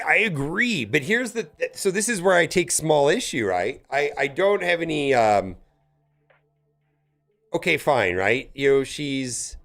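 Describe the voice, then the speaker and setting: A man streaming a mobile game, chatting casually with viewers in a rambling, stammering way that bursts into loud exclamations. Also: mid-range voice.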